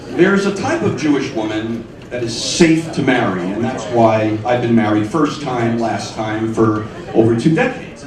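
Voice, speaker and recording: Wry stand-up comic, lively pitch, echoey. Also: male voice. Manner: wry, punchy delivery with sudden high squeals. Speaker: stand-up comedian. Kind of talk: stand-up set. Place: comedy club stage. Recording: echoey club sound from far off.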